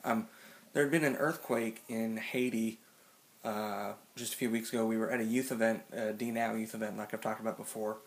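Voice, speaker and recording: A man's voice: on the low side, fairly even intonation, brisk. A young man in his late teens telling a funny story to camera, rambling and full of "like" and restarts. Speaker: vlogger.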